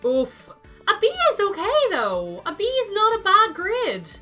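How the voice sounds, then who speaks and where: A woman's voice: very high voice, wildly swooping pitch, unhurried, bright, forceful tone, soft background music. A young woman chatting casually to her live-stream viewers while playing a game, thinking aloud and answering chat by name.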